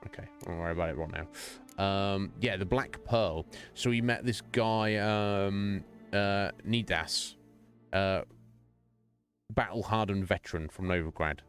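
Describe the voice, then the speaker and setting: A man with a fairly low voice chats casually through a game stream, musing aloud and meandering between thoughts. Soft game music hums faintly behind him. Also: measured pace. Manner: rambling, thinking aloud while playing. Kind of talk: casual let's-play commentary.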